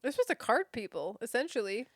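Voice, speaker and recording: A young American woman co-hosting a podcast, explaining things in a low-key casual way. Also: big pitch swings, fast talker, no echo, studio quality. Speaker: podcast co-host. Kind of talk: casual chat.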